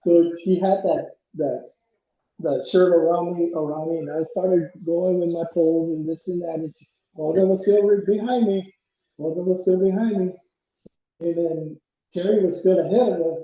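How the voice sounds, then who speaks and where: A man's voice: fairly high pitch, fairly even intonation, moderate pace. A man in his seventies telling a story in an interview, rambling with restarts and chuckling now and then. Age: 70s. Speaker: interview guest, trail runner. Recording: very echoey room, dull lo-fi sound.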